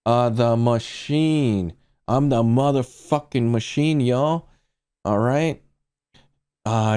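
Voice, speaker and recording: Slow, low-voiced male streamer. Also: dark tone, clear, resonant tone. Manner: rambling and profane, talks to chat. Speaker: streamer reviewing movies. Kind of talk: casual stream chat.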